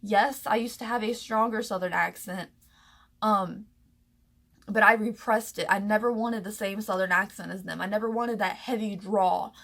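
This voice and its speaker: A young woman from the American South telling a personal story to camera, emotional and halting, close to tears, with many fillers and restarts. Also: mid-range voice, fairly even intonation, gravelly, fairly bright tone. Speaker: vlogger.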